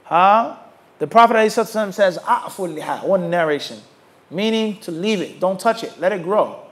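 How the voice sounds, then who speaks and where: A man teaching a religious class, emphatic and animated, who keeps asking his listeners rhetorical questions and waits for them to answer. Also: high-pitched, brisk. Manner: rhetorical questions asked to the audience. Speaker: Islamic teacher.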